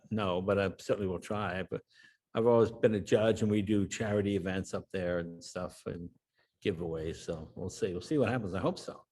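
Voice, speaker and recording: Older man telling animated stories. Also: lowish voice. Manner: animated anecdote teller, acts out quoted voices. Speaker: guest. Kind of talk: storytelling interview.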